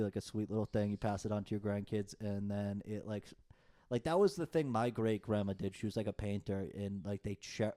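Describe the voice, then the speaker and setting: A man's voice: lowish voice, mellow. A young man, chatting on a podcast in long, rambling, profane rants. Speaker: podcast co-host. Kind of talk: casual chat.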